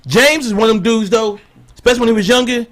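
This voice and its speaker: A middle-aged man and comedian guest, telling animated stories and acting out the quotes in casual podcast banter. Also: extremely high pitch, fast. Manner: animated storyteller, acts out quotes. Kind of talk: storytelling banter.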